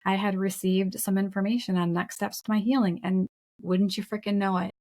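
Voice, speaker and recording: A woman's voice: mid-range voice, flat delivery, brisk, a little mellow. Frank, emphatic woman podcast co-host. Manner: frank, emphatic, casual swearing. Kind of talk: candid conversational storytelling.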